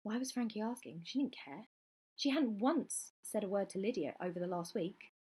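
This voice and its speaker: A woman reading a novel aloud in a steady, measured narration. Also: mid-range voice, slightly rough. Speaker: reader.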